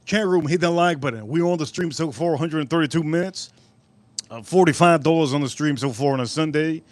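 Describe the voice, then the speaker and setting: A man hosting a live stream outdoors at a barbecue, chatting casually and rambling through animated stories. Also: fairly high pitch, brisk, dry recording.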